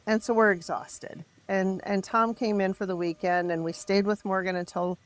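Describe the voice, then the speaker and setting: A middle-aged woman telling her story as a podcast guest, raw and emotional, halting and restarting as she speaks. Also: medium pitch, fairly even intonation. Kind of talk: candid personal storytelling.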